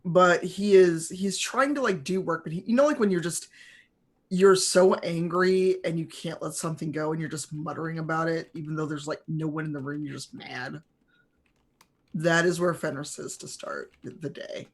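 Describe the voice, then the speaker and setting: A game master narrates a tabletop game scene at a middle pitch, rambling along with fillers and restarts. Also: moderate pace, slightly rough.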